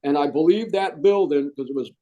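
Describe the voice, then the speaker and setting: A middle-aged man, a Marine veteran, telling stories in a casual interview, animated and jokey and saying "man" a lot. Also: on the high side, a little fast, muffled recording.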